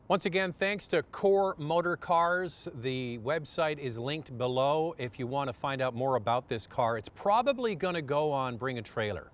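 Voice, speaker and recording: A man's voice: mid-range voice, expressive, moderate pace, hardly any pauses, noisy background. A man talking casually and enthusiastically as he reviews a car, with fillers and restarts.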